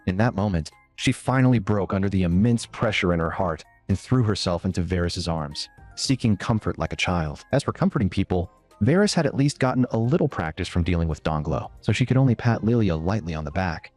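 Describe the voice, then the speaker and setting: Low-voiced man narrating a recap. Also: fairly quick, no room sound. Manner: even storytelling, lifts pitch for quoted girls. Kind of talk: scripted manhwa recap narration. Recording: dry close mic with faint music.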